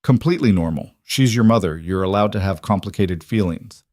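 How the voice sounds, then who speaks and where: Patient, protective man, played by the narrator, low, calm, reassuring. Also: fairly quick, no echo, clean studio sound.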